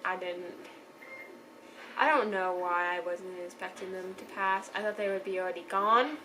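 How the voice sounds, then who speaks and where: A woman's voice: lowish voice, fairly even intonation, moderate pace, sharp tone, slight background noise, low-quality recording. Chatty young woman gushing over a book. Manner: chatty, gushing, trailing off and restarting. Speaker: book reviewer. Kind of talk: casual book review vlog.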